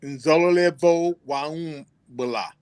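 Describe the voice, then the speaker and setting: A man's voice: on the high side, takes it slowly, darkish tone, clean tone, no room sound. A man in a language class, hesitantly trying out new phrases and retrying words. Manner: hesitant, tries and retries words. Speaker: language student.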